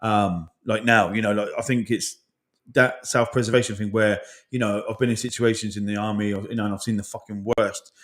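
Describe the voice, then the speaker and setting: A man's voice: on the low side, steady tone, brisk, a bit bright. A man in his forties, an army veteran, talking openly and emotionally in a casual podcast chat, swearing often and rambling. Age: 40s.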